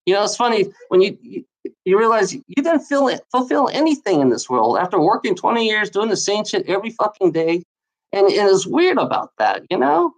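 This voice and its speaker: A woman's voice: mid-range voice, very animated, fairly quick. A woman in a heated, repetitive monologue, swearing often and speaking straight at someone as she rants. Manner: profane, repetitive, heated, addresses someone directly. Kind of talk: angry ranting monologue.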